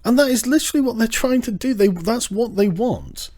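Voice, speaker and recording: Dark-voiced man ranting sarcastically. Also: very high voice, fairly quick. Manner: profane, sarcastic, animated. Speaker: channel host. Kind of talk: casual livestream rant.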